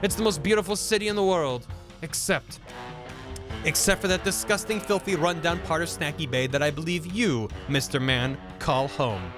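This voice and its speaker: A man voicing a pompous, scheming male fish mayor in a video game, speaking low and slow with grand self-importance. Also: over music, natural voice. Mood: grandiose.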